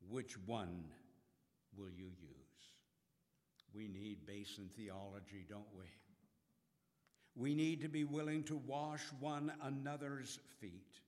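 Slow-preaching man in a reverberant hall. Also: mid-range voice, expressive, a little mellow. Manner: slow, earnest preaching with dramatic rises. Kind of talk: sermon.

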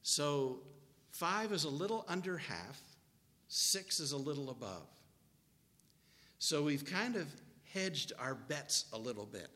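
Man, preacher, folksy storytelling sermon, bright voice, long hall reverb. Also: a little high, lively intonation, slow.

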